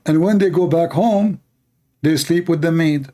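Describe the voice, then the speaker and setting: A man's voice: fairly high pitch, a little slow, mellow. A man hosting a polemical talk who speaks in sarcastic, mocking, non-standard English. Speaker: host.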